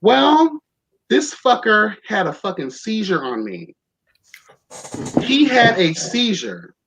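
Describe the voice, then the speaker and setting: A young man hosts a podcast, telling a story casually on a talk show in a campy, sassy, profane way and calling everyone child and honey. His voice is high-pitched and slow, with huge swings in pitch, a slightly bright tone and a bit of roughness. The recording sounds dull and lo-fi.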